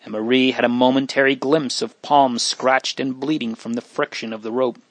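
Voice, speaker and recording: A man's voice: mid-range voice, fairly even intonation, normal speed, no echo. Man reading a storybook, close and dry. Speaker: audiobook narrator.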